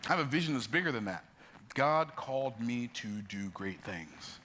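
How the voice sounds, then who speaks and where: A man with a bright, forceful tone giving a preacher-like motivational talk. He tells stories from his own life with emphasis and builds toward the point. He often leaps into sudden high bursts. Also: lively intonation, brisk, a little hiss or hum. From United States. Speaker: motivational speaker.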